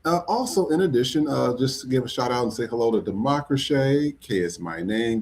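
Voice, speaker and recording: A man's voice: medium pitch, lively intonation, a little fast, hardly any pauses. A man hosting a live podcast stream, chatty and upbeat, with frequent fillers. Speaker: podcast host. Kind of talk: casual live-stream chat.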